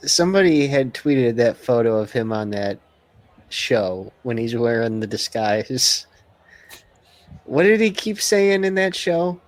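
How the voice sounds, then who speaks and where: Slow, wry man on a podcast. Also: medium pitch, expressive, no room sound, rough recording. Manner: dry, wry remarks with swearing. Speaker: podcast co-host. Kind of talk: casual podcast chat.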